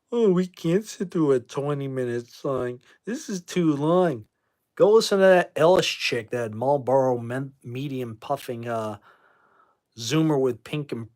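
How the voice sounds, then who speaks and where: A man from New England hosting a casual livestream, answering viewer comments and bluntly kicking out trolls as he rambles. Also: mid-range voice. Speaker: livestream host.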